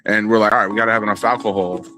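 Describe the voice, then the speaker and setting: Low-voiced New man telling stories. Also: racing, soft background music. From New York area. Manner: animated, profane storytelling. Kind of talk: casual chat.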